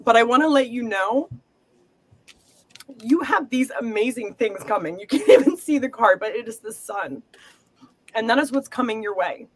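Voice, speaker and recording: A woman's voice: fairly high pitch, lively intonation, normal speed, pauses often, a little hiss or hum. A middle-aged woman giving an earnest, emotional psychic reading, reassuring and encouraging. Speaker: psychic reader. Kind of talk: live group reading.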